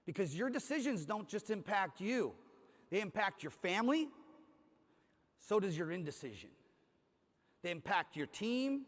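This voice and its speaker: A man from Cleveland, Ohio, with a high voice, is very animated and speaks at normal speed with long pauses. He's a conference speaker delivering a motivational keynote on a large hall stage, telling a story energetically and acting out the dialogue, with hall reverb from the PA.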